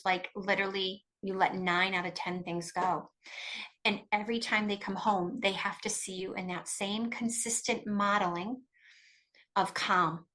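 A woman's voice: medium pitch, sharp tone. A middle-aged woman, a guest expert, talking emphatically and animatedly in a conversational interview, often restarting her sentences. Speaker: guest expert on coercive control.

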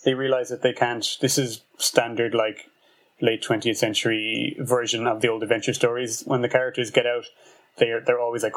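A man's voice: mid-range voice, level tone, normal speed, fairly bright tone. A man with a mid-range voice co-hosts a casual book review podcast. He talks animatedly and laughs often. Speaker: podcast co-host.

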